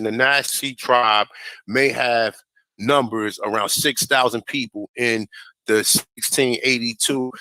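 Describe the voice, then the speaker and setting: A young man hosts a casual commentary vlog, cursing and ranting with heat. His voice is bright and forceful. The sound is dry and close, with no room echo. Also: mid-range voice. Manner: profane, heated, stumbles over names while reading. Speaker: host.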